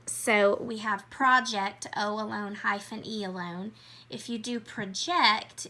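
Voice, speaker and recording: A woman teacher going through a workbook page in a clear, patient way. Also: on the high side, sharp tone. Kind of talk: workbook lesson walkthrough.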